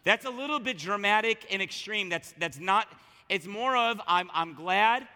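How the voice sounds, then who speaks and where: A man preaching a sermon as a pastor, talking in a conversational, animated way with frequent restarts. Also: high voice, normal speed, long reverb tail.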